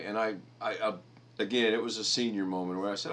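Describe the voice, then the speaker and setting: A man's voice: moderate pace, a bit bright. A middle-aged man hosting a live stream, chatting casually and bluntly, acting out the people in his stories. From United States. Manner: blunt storyteller, mimics people in high voices. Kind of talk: casual chat.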